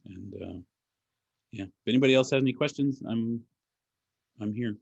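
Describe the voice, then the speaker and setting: A man's voice: medium pitch, moderate pace, vocal fry, a little mellow, dry recording, highs cut off. A man giving a patient language lecture, explaining pronunciation step by step with dry humor. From Alaska. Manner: dry self-deprecating humor. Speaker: language teacher and speaker. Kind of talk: lecture with audience questions.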